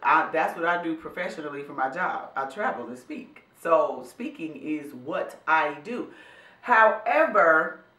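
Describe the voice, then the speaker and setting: A woman talks to her viewers in an animated, preachy way, calling them y'all. Her voice is bright and forceful. The room around her sounds roomy and echoey. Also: deep voice, normal speed, few pauses. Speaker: vlog host and professional speaker. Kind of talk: motivational casual talk to camera.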